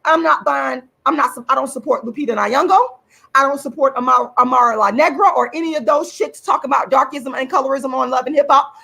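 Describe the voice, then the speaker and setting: Enraged, a woman who hosts her own channel and works as an activist goes on a profane, repetitive livestream rant, hammering her points home. Her high-pitched voice has lively intonation, vocal fry, and a pushed, bright quality at normal speed.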